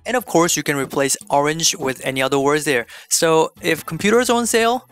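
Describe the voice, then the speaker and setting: A man delivers an online language lesson in a slightly raised voice, explaining each step clearly and adding playful little jokes. Soft music plays faintly behind him. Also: fairly high pitch, expressive, brisk, hardly any pauses. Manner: playful, slips in small jokes. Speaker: Korean language teacher.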